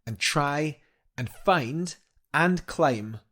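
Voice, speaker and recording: A man's voice: fairly high pitch, animated, extremely slow, sharp tone. A young man, a guest climber, telling a story eagerly in a casual interview, rambling with fillers and restarts.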